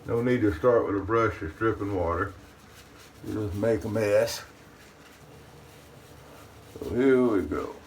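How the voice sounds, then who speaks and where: This shaving-channel host talks with a fairly low pitch, a little slowly, leaving long pauses. He chats casually and folksily to the camera from his bathroom, calling himself by the third person. A distant microphone catches a faint hum of the room.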